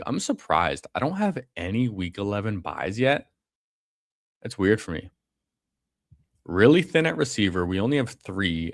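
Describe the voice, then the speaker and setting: A man with a low voice talks through his fantasy football draft in a loose, slangy way, tossing in bro and man. He sounds relaxed and conversational. His voice is close and dry, with no room sound. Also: no room sound. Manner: casual, slangy, calls people bro and man. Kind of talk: casual live commentary.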